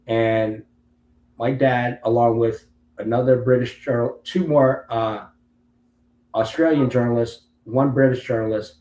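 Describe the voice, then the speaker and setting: A man's voice: medium pitch, steady tone, unhurried, warm tone. A man in his late fifties, a Marine veteran and interview guest, telling a long story and acting out other people's lines. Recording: roomy with faint background hum.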